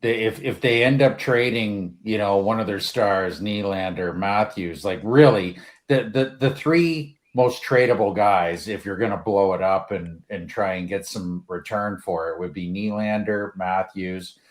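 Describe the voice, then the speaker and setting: A man on a sports podcast speaking in a steady, measured way. His voice sits on the low side, and he works through his points aloud with some fillers. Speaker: podcast co-host. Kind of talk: casual sports talk.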